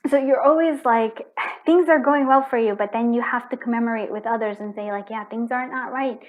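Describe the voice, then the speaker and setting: A woman's voice: fairly high pitch, a little fast, phone-quality sound. A woman giving a pick-a-card tarot reading, effusive and emotional, with frequent restarts. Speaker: tarot reader.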